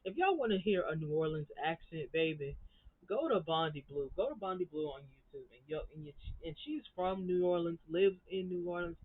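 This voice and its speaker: A young man chats through a reality TV episode recap in a blunt, gossipy way, swearing freely. His voice sits a little high. The audio is dry and thin, like a phone line. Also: no echo. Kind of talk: casual episode review commentary.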